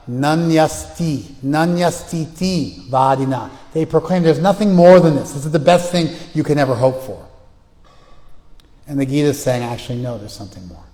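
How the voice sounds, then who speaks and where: A man's voice: mid-range voice, warm tone, long reverb tail. A man giving a spiritual lecture who chants verses and then explains them in plain words, telling stories with voices. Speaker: spiritual teacher. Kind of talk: lecture on scripture. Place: class room.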